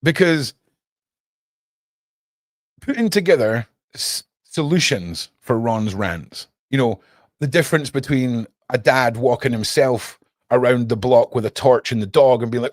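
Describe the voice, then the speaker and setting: A Scottish man ranting on his live stream, profane and heated, his voice climbing high and loud in bursts. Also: lively intonation, measured pace, no echo, studio quality. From Scotland.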